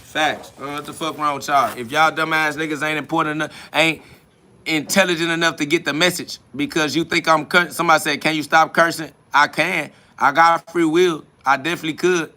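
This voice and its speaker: A man with a bright, fairly high voice delivers a combative spiritual rant. He is mocking and profane, firing back at listener comments. His tone is sharp and forceful throughout. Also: steady tone, a little fast. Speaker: podcast host answering comments.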